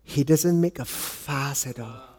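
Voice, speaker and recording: A middle-aged man from Malaysia with a Malaysian English accent, preaching a sermon and telling a family story, dropping soft and low for quoted lines and cracking dad jokes. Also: slow, slightly rough.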